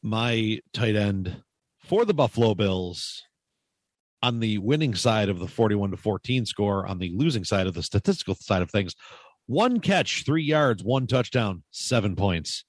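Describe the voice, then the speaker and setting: A man's voice: lowish voice, expressive, unhurried, dry recording. A man co-hosting a casual sports podcast, calling out stats playfully with jokey nicknames. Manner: playful, with jokey nicknames and emphatic stat calls. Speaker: podcast co-host.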